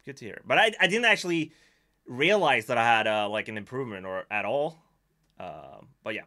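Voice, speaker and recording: On a live stream, a man from Sweden chats in a mid-range, brisk voice with a Swedish accent. His manner is animated and self-deprecating, with plenty of laughing at himself.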